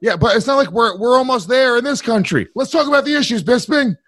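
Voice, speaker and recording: A man's voice: very high-pitched, animated, quick pace, fairly bright tone, dry recording. A man co-hosting a podcast as a comedian, speaking bluntly in casual chat, swearing and laughing easily.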